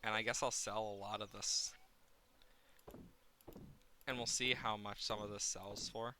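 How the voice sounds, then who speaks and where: Playful, bright-voiced male streamer. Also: fairly low pitch, measured pace, a little hiss or hum. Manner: rambling, playful, easily excited. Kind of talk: live game streaming chat.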